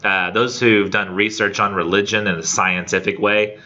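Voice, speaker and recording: Man, low pitch, bright forceful tone, casual classroom lecture, dull lo-fi sound. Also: normal speed. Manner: animated, reads verse aloud then paraphrases casually with many fillers. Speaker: college English instructor.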